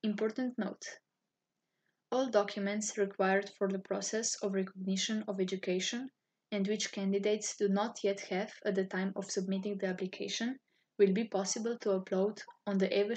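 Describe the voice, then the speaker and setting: Breathy-voiced woman. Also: mid-range voice. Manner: formal, even-toned reading. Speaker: university student office staff. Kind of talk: scripted informational narration.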